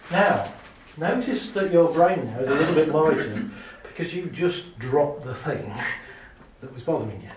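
Male speaker on stage, lively storyteller with a slightly high voice, heard from off mic in a big echoing hall. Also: a little slow, recorded from a distance. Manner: lively, chatty, laughs often, acts out little scenes. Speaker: speaker giving a talk. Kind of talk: live talk to an audience. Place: large hall with an audience.

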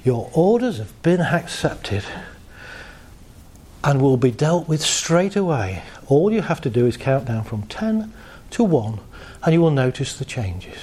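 A man voicing a male unconscious mind, a calm, deadpan and literal-minded announcer. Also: mid-range voice, a little slow, breathy edge.

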